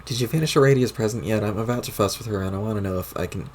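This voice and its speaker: A smug, mocking young female troll, voiced by a man reading a webcomic aloud. The voice stays fairly low with a gravelly fry, and the delivery is scheming and mocking. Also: rapid-fire, a little mellow, a little hiss or hum, natural voice.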